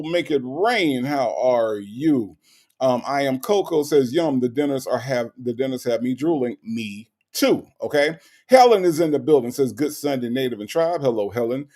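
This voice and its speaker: Male livestream host, gravelly mid-pitched voice, teasing chat reader. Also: darkish tone. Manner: chatty, teasing, repeats phrases, big pitch swings. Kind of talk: casual live chat.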